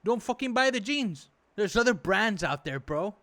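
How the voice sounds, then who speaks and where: A man with a slightly high voice rants through a reaction commentary. He is indignant and exasperated, swears freely and rambles with plenty of fillers. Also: big pitch swings, normal speed, sharp tone. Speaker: reaction video host. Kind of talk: profane casual reaction commentary.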